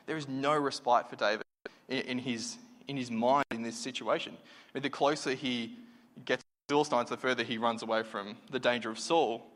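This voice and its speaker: A man's voice: mid-range voice, fairly even intonation, brisk, a bit bright. A man giving a conversational, reflective sermon, full of fillers and restarts. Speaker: preacher. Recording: reverberant hall.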